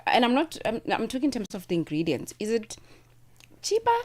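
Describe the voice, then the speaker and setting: A South African woman hosts a radio show, chatting casually with a guest and laughing often while she eats. Her voice is a little high, with lively intonation and a fast pace.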